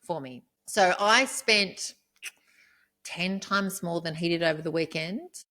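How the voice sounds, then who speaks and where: A woman, co-hosting a podcast, telling a painful personal story in a rambling way, swearing and rising into high outbursts. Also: slow pace, sharp tone. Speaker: podcast co-host.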